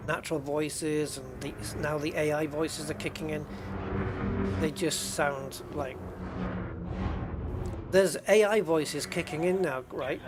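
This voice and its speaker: A man's voice: a little high, slow pace, pauses often, music in the background. Chatty man rambling on stream. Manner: rambling, chatty, talks to his chat. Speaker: gaming streamer. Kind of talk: casual livestream chat while gaming.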